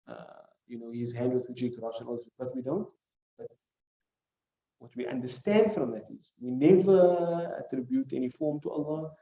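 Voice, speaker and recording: A man's voice: mid-range voice, lively intonation, moderate pace, warm tone. A man teaching a class on hadith, explaining Arabic words one by one and asking the class rhetorical questions. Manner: recites classical Arabic phrases between English. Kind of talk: classroom lesson. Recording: muffled recording in echoey room.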